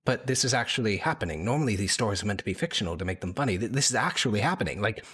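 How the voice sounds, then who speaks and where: A man's voice: fairly low pitch, lively intonation, very fast, fairly bright tone, slightly rough. A man voicing a naive, easily confused scholar who talks hesitantly and politely. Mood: puzzled.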